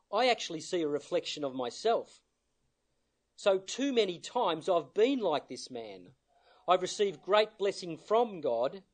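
Earnest, slightly high-voiced male preacher. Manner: earnest, measured, with emphatic repetition. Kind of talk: sermon.

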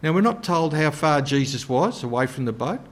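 Earnest male preacher, slightly high voice. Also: very animated, normal speed. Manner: earnest, drops to a soft low voice for emphasis. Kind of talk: sermon.

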